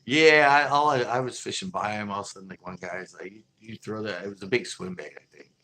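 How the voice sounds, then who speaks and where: A man's voice: on the low side, fast talker, bright, forceful tone, low-quality recording. A man casually telling stories from his fishing tournaments, laid-back and often laughing as he acts out other people's lines. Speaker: fishing channel host. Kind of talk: casual storytelling.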